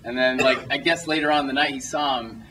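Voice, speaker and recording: A young man fields audience questions after a film screening in a cinema auditorium, the audience small. His mid-range voice is sharp and quick, with fairly even intonation; he's far from the mic, faint music plays behind, and the audio is poor. He tells loose, rambling anecdotes, breaking off to restart sentences and laughing often.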